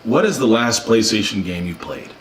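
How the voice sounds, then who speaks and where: A man's voice: on the low side, lively intonation, moderate pace, lightly acted. A man playing a cocky, boastful game store as a person, retorting in a comedy skit. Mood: defensive. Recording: distant mic with music underneath.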